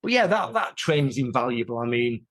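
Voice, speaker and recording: A man, an interview guest telling rambling, animated stories in casual chat. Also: medium pitch, brisk. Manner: animated, rambling, many restarts.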